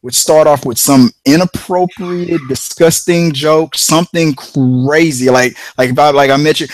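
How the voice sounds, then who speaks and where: A man's voice: on the high side, fairly even intonation, unhurried, few pauses, no echo. A man co-hosting a casual podcast chat, telling a long rambling story with frequent restarts. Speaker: podcast co-host.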